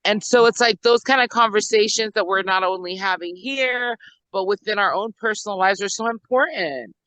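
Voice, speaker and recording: Bright, smooth-voiced woman podcast host. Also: medium pitch, moderate pace, dry recording, low-quality recording. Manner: reflective, easygoing, asks questions. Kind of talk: casual chat.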